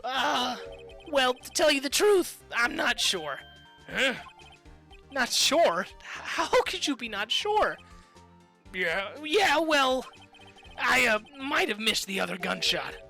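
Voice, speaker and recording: A streamer voicing a brash, goofy young man on the witness stand, loud and slangy with a whiny edge. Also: sits high, sing-song, slow pace, gravelly, faint music behind, pitched above the performer's own voice, exaggerated voice. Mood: flustered.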